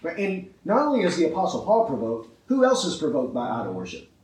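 A man's voice: fairly high pitch, wildly swooping pitch, fast, a little mellow, reverberant, distant mic, low-quality recording. A man preaching a sermon with emphasis, often asking his listeners rhetorical questions and checking in with "right?".

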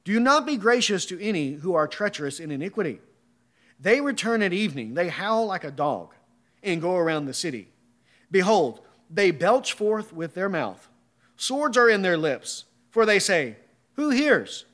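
A man's voice: high voice, sing-song, moderate pace, a bit bright. A man preaching a sermon, reading scripture and asking emphatic rhetorical questions.

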